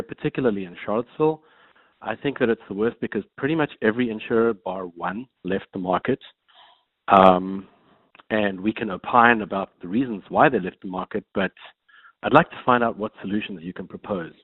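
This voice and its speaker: A man's voice: fairly low pitch, slightly rough, no echo. Polite male caller on a phone line. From Virginia. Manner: polite, measured, with filler ums. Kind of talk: asking a question on a call-in.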